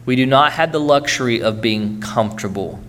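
A man's voice: medium pitch, a little fast, a bit bright, slight background noise. A man preaching a sermon earnestly, urging his congregation and checking in with frequent "okay?" tags.

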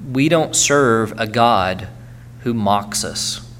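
A man's voice: fairly low pitch, slow, fairly bright tone. A man preaching a sermon earnestly, urging his congregation and checking in with frequent "okay?" tags.

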